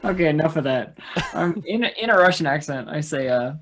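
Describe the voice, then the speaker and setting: A tabletop player talking casually, halting and thinking aloud about what to do next. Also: medium pitch, lively intonation, fairly bright tone, slight background noise.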